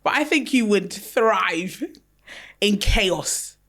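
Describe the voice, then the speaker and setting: A woman's voice: mid-range voice, lively intonation, slow, a bit bright. A woman teases her co-host in a casual podcast chat. Her voice swoops up and down, and she bursts into laughter easily. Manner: teasing, playful, bursts into laughter.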